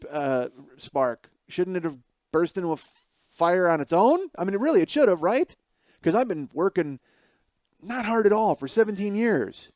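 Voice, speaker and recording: A man's voice: fairly high pitch, a little mellow, no echo. A man in his forties telling a rambling, self-mocking comic story as a podcast host. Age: 40s. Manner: rambling, self-mocking, acts out voices in anecdotes. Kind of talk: comedic storytelling monologue.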